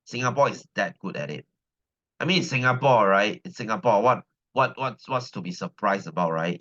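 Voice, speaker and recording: A man's voice: mid-range voice, fairly bright tone. Malaysian man, science teacher, loose chatty class banter, keeps repeating lines, dull lo-fi recording. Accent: Malaysian English. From Selangor, Malaysia. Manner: chatty, repeats phrases, keeps asking "right?". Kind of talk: casual class talk with students.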